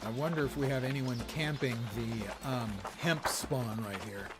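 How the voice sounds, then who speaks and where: An older game streamer chats wryly with his viewers while playing, giving casual commentary in an unhurried, mid-range voice. Loud game music plays behind him.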